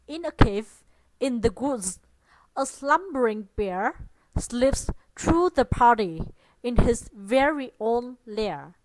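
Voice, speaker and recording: A woman from Vietnam, a native Vietnamese speaker, reading a children's picture book aloud in a slow, deliberate, gentle way. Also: on the high side, lively intonation, no echo, rough recording. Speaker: children's storyteller.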